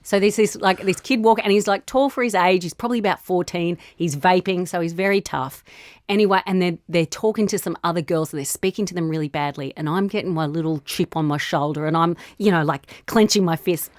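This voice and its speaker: A woman in her forties with an Australian accent, a comedian chatting casually and telling an animated story with frequent laughs. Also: fairly low pitch, brisk, dry recording, clean studio sound. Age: 40s. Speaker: comedian guest. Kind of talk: casual podcast chat.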